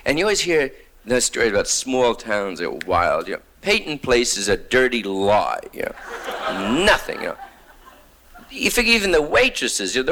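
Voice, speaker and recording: A stand-up comedian from New York spins a wry, rambling monologue laced with hip slang. His voice is gravelly, and his pitch swings widely as he tells it. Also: pushed and bright, a little hiss or hum.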